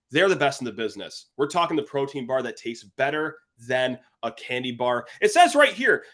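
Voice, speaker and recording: Lively, animated male podcast host. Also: fairly high pitch. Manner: animated, playful salesman energy. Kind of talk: casual sports podcast chat and ad read.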